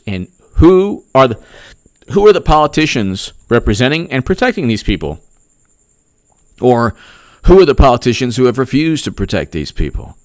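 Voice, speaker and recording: A man's voice: medium pitch, very animated, normal speed, dry recording. A man rambles through a heated political commentary vlog in a casual, conversational way. His voice sits mid-range, and the dry recording has no room sound.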